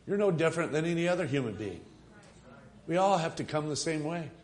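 A man preaching a sermon, retelling a story and asking his congregation rhetorical questions, moving from quiet reflection to rising, emphatic appeals. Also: a little high, animated, brisk.

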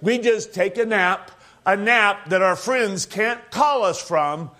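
A man in his sixties with a high voice preaches in a homespun storytelling way. He uses plain country grammar and chuckles often as he talks. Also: slow pace, bright, forceful tone. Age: 60s. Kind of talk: storytelling sermon.

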